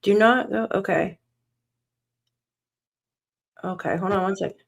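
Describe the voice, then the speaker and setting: A woman with a mid-range voice, vocal fry, and a steady tone speaks a little slowly. She is hosting a live stream about a missing child, uneasy and shaky, talking to herself as she seeks news.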